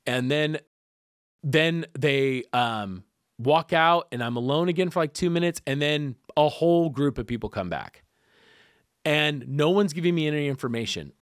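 A man speaking as a podcast guest, telling a personal story in an animated way, laughing often and acting out what people said. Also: a little high, normal speed, no echo, studio quality. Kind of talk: conversational storytelling.

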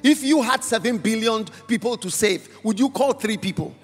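High, lively impassioned male preacher. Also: normal speed, husky, in a large hall, faint music behind. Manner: repetitive, exhorting, speaks in tongues. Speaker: guest preacher. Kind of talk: impassioned altar-call sermon. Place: large church hall.

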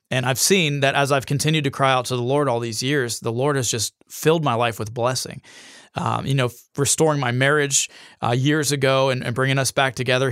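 A man's voice: medium pitch, fairly bright tone, smooth, dry recording, studio quality. A man, an ordained minister, sharing a personal testimony in an interview, reflective and sincere. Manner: reflective and sincere, with small restarts.

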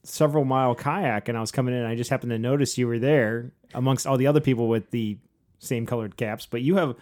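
A man's voice: mid-range voice, fast, a little mellow. A man in his forties co-hosting a podcast, adding details and dry asides in casual chat. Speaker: podcast co-host.

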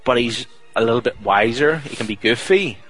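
A man's voice: medium pitch, lively intonation, fairly quick, a bit bright, slightly rough, soft background music, poor audio. A young man, a podcast host chatting casually and jokily, rambling with fillers. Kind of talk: casual chat.

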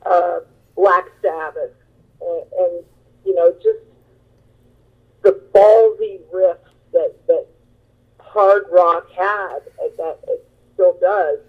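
A woman guitarist being interviewed, telling stories in a chatty, animated way with lots of fillers. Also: on the low side, slow pace, long pauses, breathy edge. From Long Beach, California. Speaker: guest musician, guitarist. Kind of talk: interview storytelling. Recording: tinny phone line.

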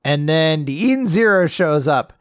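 A man's voice: on the high side, lively intonation, normal speed, smooth, no room sound, clean studio sound. A young man co-hosting a casual podcast, recapping an anime with jokes and silly voices. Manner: jokey, acts out quoted lines in silly voices. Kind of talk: casual chat.

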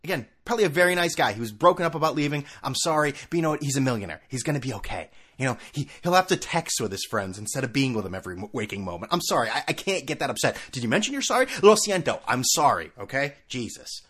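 A man's voice: medium pitch, lively intonation, quick pace, hardly any pauses, fairly bright tone, breathy edge. A man hosting a sports talk show, ranting sarcastically in a casual monologue full of asides. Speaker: sports podcast host.

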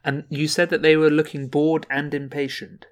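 A man's voice: fairly high pitch, flat delivery, normal speed. A man casually talking through choices while playing a gamebook. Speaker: player making choices. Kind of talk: casual chat.

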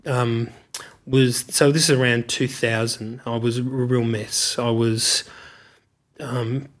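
A man's voice: medium pitch, level tone, takes it slowly, a bit bright. A middle-aged man with an Australian accent, candidly telling his life story in an interview, reflective and searching for words.

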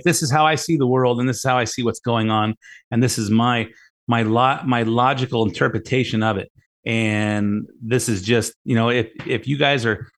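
A middle-aged man talking on his own radio show, loose and rambling. He restarts his phrases and repeats words. His voice sits at an ordinary middle pitch. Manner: rambling, repeats words, retells conversations with emphasis. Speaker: radio show host and mortgage lender. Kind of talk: casual talk radio monologue.

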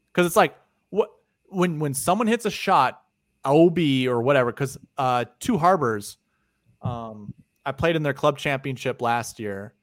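A man co-hosting a podcast, telling a story in casual chat, animated and swearing freely, often trailing off quietly at the ends of phrases. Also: mid-range voice, no echo, studio quality. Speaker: podcast co-host.

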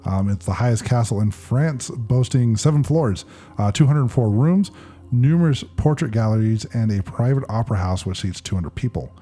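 Mellow-voiced, hesitant man. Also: medium pitch, animated, moderate pace, husky, soft background music. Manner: hesitant, filler-heavy. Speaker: podcast co-host. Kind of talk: casual chat.

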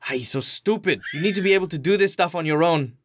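A man's voice: on the high side, fast, a little hiss or hum, voice pushed up, lightly acted. An Australian man voicing a caring middle-aged woman foster worker who is firm yet tender. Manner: motherly, firm then soft.

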